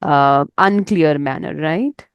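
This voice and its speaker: A woman with an Indian English accent, talking casually and thoughtfully about speaking clearly, often agreeing with "right". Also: low-pitched, takes it slowly, dry recording, dull audio.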